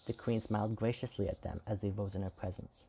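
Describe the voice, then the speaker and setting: Gravelly, low-voiced male storyteller. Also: fairly even intonation, brisk, dark tone, a little hiss or hum. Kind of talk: scripted fairy-tale narration.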